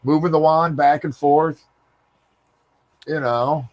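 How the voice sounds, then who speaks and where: A man who served in the army, co-hosting a casual live stream and telling relaxed stories with casual swearing. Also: on the high side, takes it slowly. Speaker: podcast co-host, army veteran.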